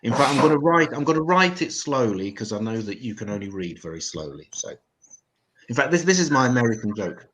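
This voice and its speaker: A man's voice: medium pitch, big pitch swings, a little fast, a bit bright, rough recording. An English man hosting an open mic comedy show, with profane, self-mocking stand-up banter. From England.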